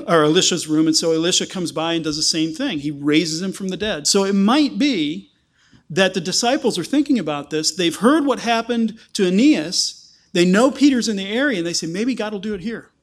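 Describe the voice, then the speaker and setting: A man with a high voice preaches a sermon. He talks through a passage verse by verse and jumps into quoted lines, acting out the people in the story with lively shifts in his delivery. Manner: animated, acts out quoted voices.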